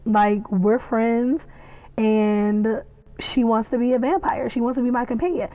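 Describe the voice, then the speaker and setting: A woman giving a casual, excitable recap and reaction, chatty and acting out the scenes as she tells them. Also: fairly high pitch, unhurried, no room sound, lo-fi sound. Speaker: podcast reviewer.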